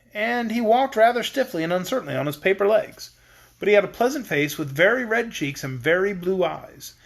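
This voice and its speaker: A man narrating a children's storybook with a lively, expressive reading. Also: sits high, creaky. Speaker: audiobook reader.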